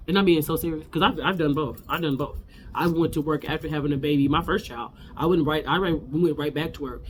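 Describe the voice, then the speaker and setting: A woman's voice: deep voice, darkish tone, a little hiss or hum. A woman hosting a casual reality TV recap. She talks bluntly and fierily, with slang and lots of repetition.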